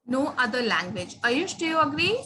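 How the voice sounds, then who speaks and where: A woman's voice: high-pitched, big pitch swings, normal speed, sharp tone, slight background noise, poor audio. A woman teaching grammar to students, patient and questioning, stressing key words.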